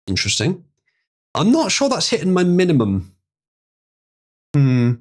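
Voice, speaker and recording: Chatty male streamer with lively pitch. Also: normal speed, pauses often. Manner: stumbling over hard words, chatty with the audience. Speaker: live streamer. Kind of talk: casual live-stream chat and reading aloud.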